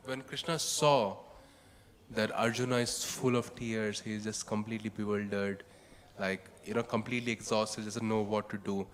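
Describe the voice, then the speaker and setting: A man's voice: mid-range voice, big-room sound, a little hiss or hum. A man giving a casual talk on scripture, chanting verses and then explaining them with many fillers like "like" and "you know.". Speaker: devotional speaker explaining scripture. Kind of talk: casual spoken scripture commentary.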